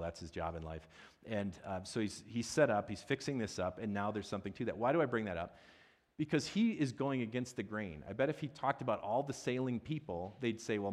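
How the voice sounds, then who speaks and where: A man preaching in a loose, conversational way, full of asides and questions thrown out to the congregation. His voice sits a little low for a man. He is a pastor who pokes fun at himself as he talks. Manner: chatty and self-deprecating, with frequent asides and audience questions. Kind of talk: conversational sermon.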